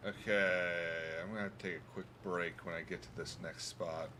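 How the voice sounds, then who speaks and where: Streamer, male, low voice, wisecracking casual chat. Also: fairly even intonation, moderate pace, bright, forceful tone, slight background noise. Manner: joking, chatty asides to chat. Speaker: livestreamer playing a trucking game. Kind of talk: casual gaming livestream chat.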